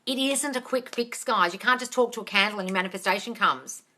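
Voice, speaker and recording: A bright, crisp woman's voice, talking into a phone or webcam on a casual live stream. She reads out viewers' comments and answers them bluntly, sprinkling in swear words and calling everyone darling. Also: medium pitch, fast talker, a little hiss or hum. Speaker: manifestation coach answering live questions.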